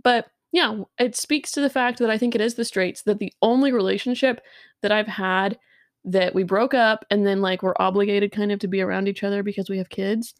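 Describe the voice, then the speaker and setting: A woman in her thirties co-hosting a podcast, telling stories in a casual, animated and crude way, full of fillers and restarts. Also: mid-range voice, brisk, no echo, clean studio sound. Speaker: podcast co-host. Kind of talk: casual storytelling chat.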